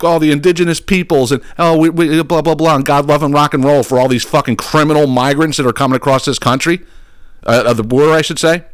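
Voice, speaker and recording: A man's voice: mid-range voice, no echo, studio quality. A man hosting a podcast, ranting angrily and sarcastically about politics and swearing often. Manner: angry, sarcastic, swears a lot. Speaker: podcast host. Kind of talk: profane political rant.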